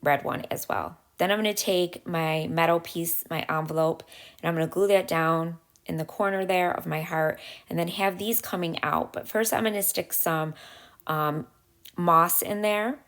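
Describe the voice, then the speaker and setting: A woman with a low voice and a gravelly, fry-edged tone walks through a craft project step by step. She sounds chatty and relaxed, pausing often with little fillers. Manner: chatty, step-by-step, frequent "um" pauses. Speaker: craft channel host. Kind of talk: casual craft tutorial voice-over.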